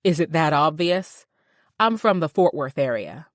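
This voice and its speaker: A woman's voice: low-pitched, lively intonation, unhurried, no echo, clean studio sound. A woman narrator voicing an easygoing young male Texan contractor with a slight Southern drawl in an audiobook. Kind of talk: audiobook character voice.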